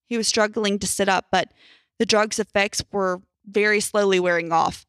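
A young adult woman reading a horror story aloud in a tense, measured first-person narration. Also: medium pitch, steady tone, fairly bright tone, clear, resonant tone, no room sound, clean studio sound.

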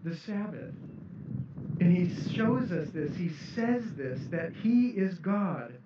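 High-voiced man preaching in an echoey room. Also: lively intonation, takes it slowly, noisy background. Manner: earnest, builds to emphatic rising peaks. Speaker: pastor. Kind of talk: sermon. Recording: echoey room, distant mic, dull sound.

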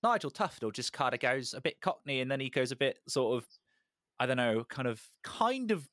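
A man's voice: mid-range voice, sing-song, normal speed, a bit bright, dry recording, studio quality. A British man co-hosting a podcast, chatting casually and enthusiastically about comedy films. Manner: enthusiastic, acts out quotes in a raised voice. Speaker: podcast host. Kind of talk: casual film discussion.

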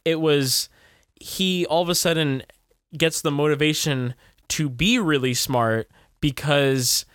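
A man's voice: fairly high pitch, takes it slowly, fairly bright tone, clean tone, no echo, studio quality. A young man co-hosting a casual movie review podcast, talking in a blunt, laid-back way and swearing now and then. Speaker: podcast co-host.

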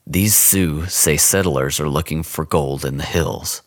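A man voicing a stout, gruff, domineering frontier Indian agent who gives curt, menacing orders. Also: very deep voice, unhurried, dry recording, clean studio sound. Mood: smooth.

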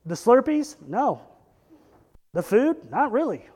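A pastor preaching a conversational sermon, animated, with rhetorical questions and joking asides. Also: male voice, extremely high pitch, measured pace.

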